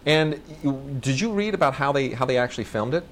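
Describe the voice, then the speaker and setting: A man talking through films in a loose, chatty review, his voice sitting at an ordinary middle pitch. He rambles with real enthusiasm, stumbling over titles and doubling back to fix his own sentences. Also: animated, fairly quick, a little hiss or hum. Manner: enthusiastic, rambling, often restarts and self-corrects. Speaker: film review co-host. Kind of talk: casual movie review chat.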